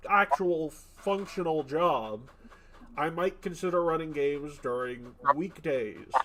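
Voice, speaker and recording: A man's voice: a little high, fairly bright tone, a little hiss or hum. A man, the game master, chatting casually and joking before a tabletop session. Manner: chatty, jokey, quick asides.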